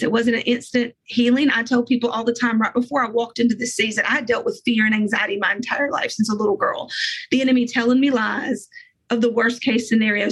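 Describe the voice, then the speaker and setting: Middle-aged woman guest, husky, rather high voice, earnest faith testimony. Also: poor audio. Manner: earnest, emotional, fast bursts of speech.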